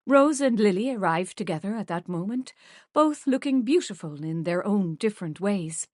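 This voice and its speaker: A woman narrating a romance audiobook in measured, even storytelling. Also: on the low side, no echo, studio quality. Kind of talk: scripted narration.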